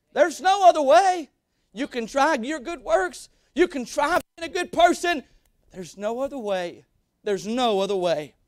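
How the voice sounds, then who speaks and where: A man's voice: very high voice, no room sound, clean studio sound. A young man preaching a sermon as a guest preacher, emphatic and repeating his lines. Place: church sanctuary.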